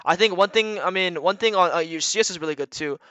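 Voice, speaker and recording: Man, high voice, blunt, profane, rambling, casual stream coaching, dry close sound. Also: fast, bright, forceful tone, no echo. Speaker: retired pro gamer coaching viewers. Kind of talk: casual livestream coaching talk.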